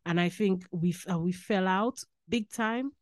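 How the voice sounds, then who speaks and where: A woman from Saint Lucia with a Saint Lucian accent, a podcast guest telling stories in animated, casual chat and slipping into Caribbean phrasing. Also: medium pitch, moderate pace, dry recording, studio quality.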